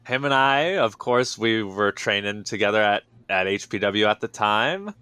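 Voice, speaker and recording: A man in a casual interview, telling his story with lively enthusiasm and frequent fillers. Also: on the low side, moderate pace, smooth, no room sound. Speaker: wrestler, interview guest.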